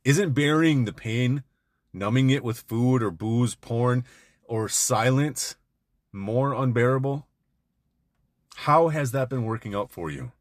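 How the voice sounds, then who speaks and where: A man's voice: mid-range voice, slow, no echo, clean studio sound. A man giving an intense, blunt motivational monologue to other men, peppered with swearing. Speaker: men's self-help speaker.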